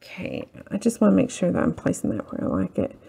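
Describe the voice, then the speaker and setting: A woman's voice: mid-range voice, fast talker, vocal fry, warm tone, slightly rough, in a whisper. A woman hosting a casual crafting tutorial, rambling and self-deprecating as she works. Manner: rambling, self-deprecating, talks while working.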